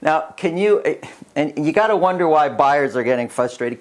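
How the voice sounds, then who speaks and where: A middle-aged man, a realtor, talking casually to camera through a market report, animated and full of restarts. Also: mid-range voice, normal speed. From Canada. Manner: animated, chuckling storyteller with many restarts.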